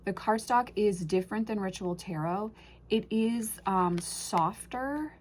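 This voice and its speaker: A woman's voice: mid-range voice, a little slow, slight background noise. A woman casually unboxing and reviewing an oracle deck, gushing and emotional, often trailing off and restarting her sentences.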